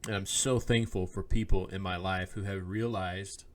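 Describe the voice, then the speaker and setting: A man co-hosts a faith-themed podcast in easy conversation, with a lowish voice. He tells stories from his own life, slips into the voices of the people he quotes, and laughs easily. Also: fairly even intonation, moderate pace. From Oklahoma. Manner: storytelling, acts out quoted lines, laughs often. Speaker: podcast co-host, minister. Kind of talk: casual chat, personal story. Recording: podcast microphone.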